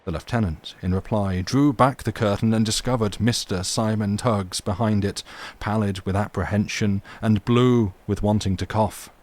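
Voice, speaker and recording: A man reading classic stories aloud on a livestream, with measured, dramatic narration and casual chat with viewers. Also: on the low side, steady tone, darkish tone. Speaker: livestream reader.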